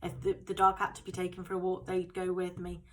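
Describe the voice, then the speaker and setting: A middle-aged woman recounts a frightening memory in a quiet, even voice. Her pitch barely moves, and she halts and repeats herself as she speaks. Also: low-quality recording. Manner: halting, repeats words, speaks softly. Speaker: storyteller. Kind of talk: personal true story narration.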